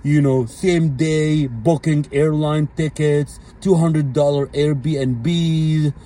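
A man's voice: fairly high pitch, fairly even intonation, takes it slowly, warm tone. A man delivering a blunt, profane ranting monologue as a commentary vlogger, leaning on repeated fillers.

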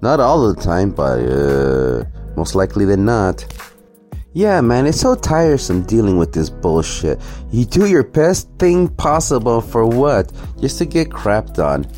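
A man's voice: fairly low pitch, very animated, measured pace, darkish tone, soft background music. A man ranting sarcastically and profanely through a reaction commentary video. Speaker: commentary vlogger.

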